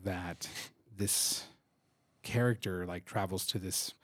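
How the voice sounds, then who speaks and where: A man with a fairly low voice recorded dry and close, hosting a casual podcast. He spins playful, jokey what-if stories with energy in a recording room. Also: slow, dry recording. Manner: playful, jokey, animated storytelling. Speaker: podcast host.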